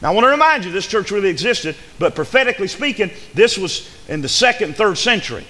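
A man delivers an emphatic sermon in a church, rising to loud declarations and dropping to hushed asides. His voice sits high for a man. Long reverb from the hall trails behind each phrase. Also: big pitch swings, fast. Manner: emphatic preaching, repeats words, swings between loud and hushed. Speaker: preacher.

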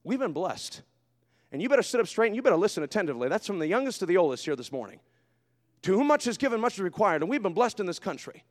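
High-voiced pastor preaching in reverb. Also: male voice, very animated, quick pace. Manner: swings from quiet asides to shouted fervor. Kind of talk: sermon. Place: church sanctuary. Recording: long hall reverb.

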